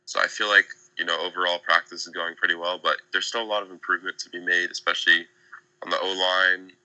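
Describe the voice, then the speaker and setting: A young man giving casual, measured analysis on a podcast, with plenty of fillers. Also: sits low, flat delivery, sharp tone, no room sound, poor audio. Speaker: guest analyst.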